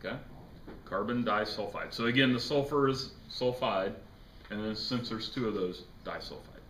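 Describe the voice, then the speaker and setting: A man's voice: medium pitch, moderate pace, fairly bright tone. A man teaching a chemistry class, lecturing casually, joking and quizzing his students. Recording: echoey classroom with faint noise.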